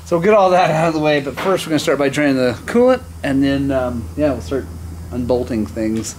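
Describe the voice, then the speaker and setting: A man's voice: mid-range voice, fairly quick, a little hiss or hum. A man casually talking through a motorcycle engine job in his workshop, rambling and chuckling as he goes. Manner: rambling, chuckling, animated when telling stories. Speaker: motorcycle shop vlogger. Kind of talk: casual shop vlog with storytelling.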